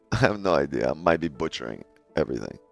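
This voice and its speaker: A man's voice: a bass voice, big pitch swings, normal speed, gravelly, faint music behind. A man hosting a live day-trading stream, chatting casually with his viewers, laughing often and swearing freely. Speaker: day-trading livestream host.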